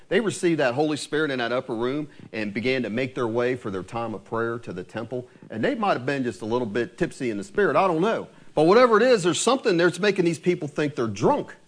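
A man preaching a conversational sermon in a church, often asking his listeners tag questions like "right?". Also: fairly high pitch. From Ohio. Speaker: pastor.

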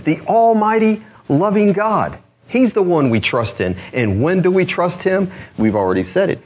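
A man's voice: fairly high pitch, big pitch swings, moderate pace, slightly rough. A man preaching a sermon as pastor, earnest, asking the congregation rhetorical questions. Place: church.

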